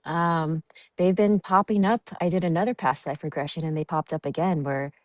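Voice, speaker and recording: A woman's voice: deep voice, fairly even intonation, moderate pace, dry recording. A woman guest chatting on a podcast, giggly and dreamy, with many fillers. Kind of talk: casual podcast chat.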